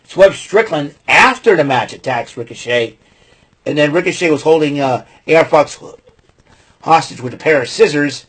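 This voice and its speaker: A man's voice: fairly high pitch, lively intonation, normal speed, a bit bright, slightly rough. A man hosting his own podcast, recapping a wrestling show in a rambling, opinionated way with many fillers. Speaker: podcast host.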